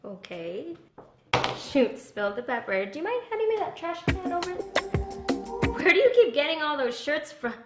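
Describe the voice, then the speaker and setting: A man plays an injured young woman who grows more exasperated with each request. Her voice sits high and swings lively from line to line. It sounds echoey, with loud music under it. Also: normal speed. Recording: echoey room.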